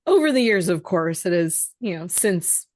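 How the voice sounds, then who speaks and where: A woman co-hosting a film podcast in casual chat, relaying background facts in a measured way with hesitant fillers. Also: lowish voice, very animated, a little mellow, no echo. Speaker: podcast co-host.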